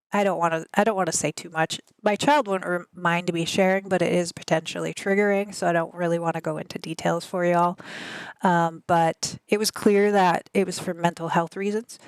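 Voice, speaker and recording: A woman's voice: fairly low pitch, clean tone, no echo. A woman in her thirties with a Midwestern American accent, chatting casually with her live stream audience. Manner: chatty, rambling, reads chat aloud. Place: home gaming desk.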